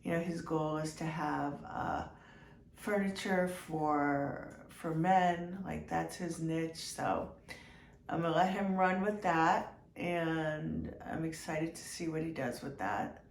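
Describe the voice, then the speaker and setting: A woman giving a heartfelt personal update to her viewers, congested from a cold, talking slowly with many ums and restarts. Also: low-pitched, gravelly. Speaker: vlogger. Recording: echoey room with faint noise.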